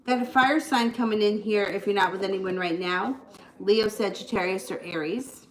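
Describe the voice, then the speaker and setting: A woman's voice: mid-range voice, normal speed. A woman giving a casual live tarot reading, chatty and prone to rambling asides. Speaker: tarot reader. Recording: echoey room.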